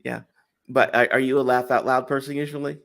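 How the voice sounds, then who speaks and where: A man's voice: medium pitch, little pitch movement, creaky, a bit bright. Chatty enthusiastic male host. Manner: enthusiastic, chatty, quick to laugh. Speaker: show host. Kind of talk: casual interview chat.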